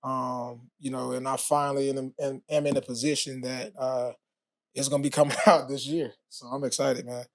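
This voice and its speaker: A man talking as a podcast guest, telling his story in a relaxed way with many fillers. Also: mid-range voice, normal speed, dry recording, clean studio sound. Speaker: podcast guest, former pro football player. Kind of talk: casual interview talk.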